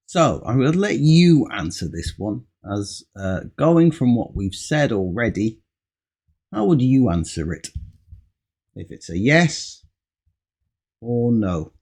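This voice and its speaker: Slow, lively-voiced male English teacher. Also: mid-range voice. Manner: repeats example answers slowly, stressing key words. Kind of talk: slow, patient ESL lesson.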